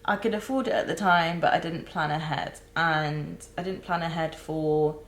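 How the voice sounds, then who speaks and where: A young woman recording a candid personal vlog, talking haltingly with many restarts and close to tears. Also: deep voice, steady tone, echoey room, rough recording. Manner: halting, searching for words, many fillers and restarts. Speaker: vlogger.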